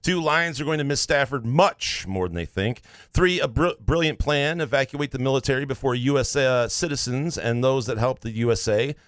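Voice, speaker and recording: A man co-hosting a sports podcast in a dry, close-miked studio. He reads listener takes in a flat, deadpan way and sinks into quiet mutters for his jokes. His voice sits at an ordinary pitch. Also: moderate pace, few pauses, no echo. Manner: deadpan, drops low for asides, reads listener takes aloud. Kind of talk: casual sports chat.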